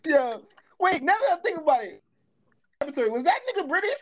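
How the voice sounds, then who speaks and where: High, animated voice in casual chat. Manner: animated, teasing, quick to laugh.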